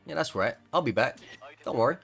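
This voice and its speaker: A man's voice: medium pitch, lively intonation, fairly quick, creaky, fairly bright tone, faint music behind. A man casually commenting on his own gameplay, joking, swearing and laughing, acting out other players' lines. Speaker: gaming streamer.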